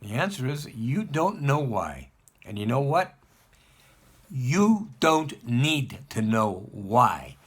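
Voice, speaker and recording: A male rabbi teaching a congregation with a husky, slightly breathy voice. His pitch swings up and down as he drives each point home, and he repeats phrases for emphasis. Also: big pitch swings, slow. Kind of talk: spoken lesson.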